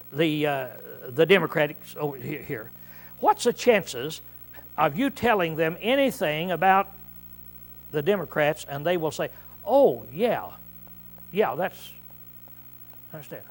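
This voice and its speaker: A man preaching a conversational Bible-study sermon, often clearing his throat and checking in with "see?" as he repeats and restarts phrases. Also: fairly high pitch, fairly bright tone. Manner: repetitive, restarts mid-phrase.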